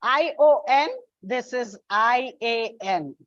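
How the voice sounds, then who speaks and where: Woman English tutor, high voice, dry dull recording, slow and deliberate drilling. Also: dry recording. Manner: slow, deliberate, spells out word endings and repeats words. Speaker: English teacher. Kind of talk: classroom lesson on word stress.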